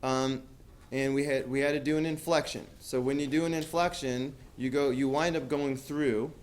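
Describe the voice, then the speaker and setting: A man's voice: medium pitch, fairly even intonation, moderate pace. A man teaching a math class, talking casually with lots of fillers and asking students questions. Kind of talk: classroom lecture.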